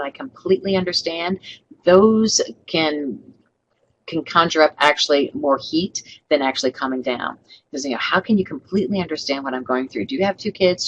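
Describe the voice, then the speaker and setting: A woman's voice: sits low, fairly bright tone, slightly rough, poor audio. A middle-aged woman running an online training webinar, upbeat and coaching, who acts out sample customer lines.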